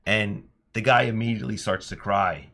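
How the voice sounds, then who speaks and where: A man and teacher telling classroom stories in an earnest, animated podcast chat. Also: lowish voice, moderate pace, gravelly. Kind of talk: casual storytelling chat.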